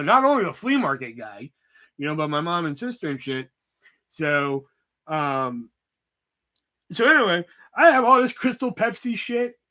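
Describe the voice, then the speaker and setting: Man, livestream host, rambling casual storytelling, swears a lot, slightly high pitch, sharp tone. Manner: profane, chatty, lots of "you know" fillers.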